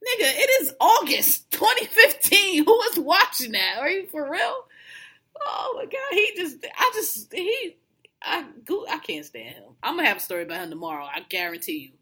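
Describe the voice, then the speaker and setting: A woman co-hosting a podcast in casual chat, telling animated, profane stories, laughing often and mocking others with imitations. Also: extremely high pitch, normal speed. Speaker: podcast co-host.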